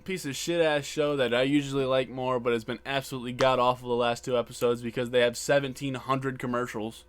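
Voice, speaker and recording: A man's voice: mid-range voice, little pitch movement, fairly quick, hardly any pauses, clean tone. A man co-hosting a podcast, casually retelling wrestling scenes, acting out quotes and swearing, with repeated words. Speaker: podcast co-host. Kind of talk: casual chat recapping wrestling. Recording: background buzz.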